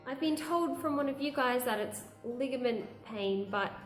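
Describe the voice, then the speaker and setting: A woman's voice: high voice, moderate pace, reverberant, faint music behind. A young woman, chatting candidly through a pregnancy update vlog and laughing now and then. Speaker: vlogger. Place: room at home.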